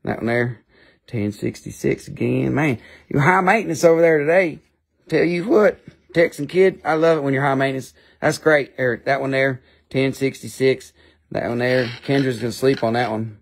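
A man's voice: mid-range voice, normal speed, vocal fry, breathy edge. A man with an Appalachian accent selling rocks on a live stream, rambling and joking in a casual chat. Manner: joking, rambling, playful funny voices. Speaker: live-stream rock seller.

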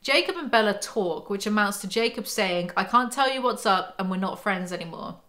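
A young woman with a mid-pitched, everyday voice hosts a book breakdown vlog. She reads passages aloud and cuts in with sarcastic, exasperated remarks. She speaks close to the mic. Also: lively intonation, fairly quick, fairly bright tone. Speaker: book commentary host. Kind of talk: reading from a novel with sarcastic commentary.

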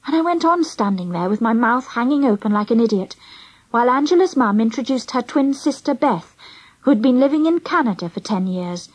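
Woman reading a kids storybook, high and bouncy, breathy. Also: rough recording. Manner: lively, expressive storytelling. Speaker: audiobook narrator. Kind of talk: first-person children's storybook narration.

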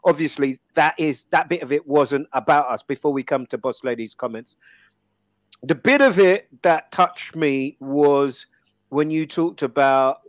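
A man's voice: fairly high pitch, unhurried, no room sound. A man hosting a casual chat, teasing his co-host. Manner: teasing, then reflective.

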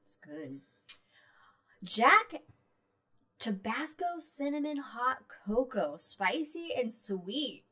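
A woman's voice: fairly high pitch, sing-song, takes it slowly, pauses often, bright, forceful tone. A woman co-hosting a podcast in casual chat, playful and full of fillers. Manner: chatty, playful, many fillers. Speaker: podcast co-host.

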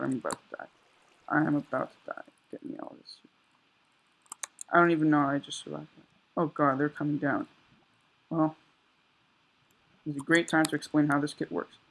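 A young man giving casual, excitable commentary while he plays a survival game, exclaiming and joking sarcastically. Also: a little high, creaky, poor audio. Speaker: gameplay commentator.

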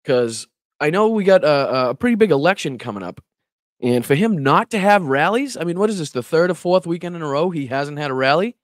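A man's voice: on the high side, animated, fairly quick, dry recording, studio quality. A man hosting a casual political livestream who talks straight to his chat, laughs often and swears when annoyed. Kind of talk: casual live-stream commentary.

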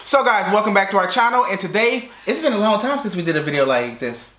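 A man's voice: sits high, expressive, fast, bright, forceful tone, soft background music. A man hosting his family's channel in casual chat, teasing and laughing a lot. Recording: echoey room with background noise.

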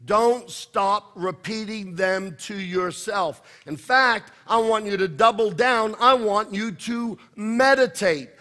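A man's voice: high-pitched, slow, hardly any pauses, bright, forceful tone, full character voice. A man voicing God, who speaks to Joshua with commanding yet reassuring insistence. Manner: urgent, insistent exhortation.

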